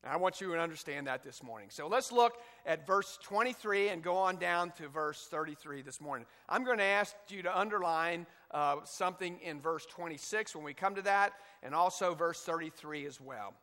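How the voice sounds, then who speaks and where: A man's voice: on the high side, normal speed, few pauses, pushed and bright, big-room sound. A male pastor preaching a sermon, emphatic, reading scripture aloud between points, with an occasional cough. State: coughing now and then.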